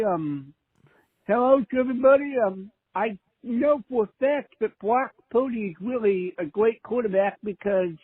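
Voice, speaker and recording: A man calls in with a very high, husky voice, polite and a little rambling. It comes through a dry, tinny phone line. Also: no room sound. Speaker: caller.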